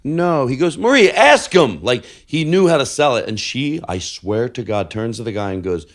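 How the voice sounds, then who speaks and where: A man's voice: lowish voice, expressive, moderate pace. A man co-hosting a podcast, telling rambling anecdotes in casual chat and often breaking off mid-sentence. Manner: rambling, self-interrupting. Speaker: podcast co-host.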